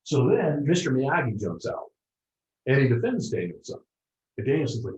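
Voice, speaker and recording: An animated man gives a motivational seminar talk, often turning to the audience to check that they are following. His voice carries a roomy echo, and the recording sounds dull and lo-fi. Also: mid-range voice, normal speed. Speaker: motivational speaker.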